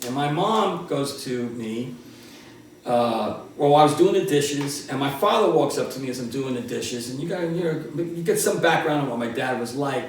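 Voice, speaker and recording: A man in his sixties, a martial arts instructor telling a story in an animated, laughing way. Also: medium pitch, normal speed, a little hiss or hum. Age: 60s. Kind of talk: casual storytelling. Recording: roomy, distant from the mic.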